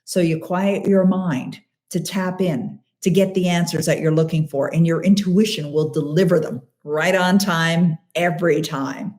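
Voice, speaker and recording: A woman's voice: lowish voice, a little slow, hardly any pauses, a little mellow. A middle-aged woman hosting a live question-and-answer show, coaching listeners in an emphatic, encouraging way and repeating key phrases for stress. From Canada.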